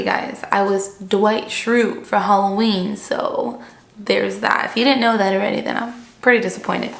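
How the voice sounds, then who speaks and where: A young woman vlogging to camera, chatting casually and rambling with lots of "like", seated indoors and recorded on the camera mic. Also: on the high side. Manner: chatty, rambling, heavy use of "like". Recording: echoey room.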